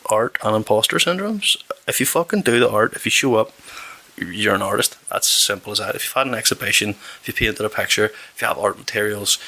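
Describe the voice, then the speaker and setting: A man talking alone on his podcast in a husky, gravelly voice that sits low yet has a sharp, bright edge. He swears freely and rambles from one aside to the next, blunt and offhand, with a drink on the go. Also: poor audio. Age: adult with a daughter. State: drinking alcohol while talking. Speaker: podcast host. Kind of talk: rambling solo podcast chat.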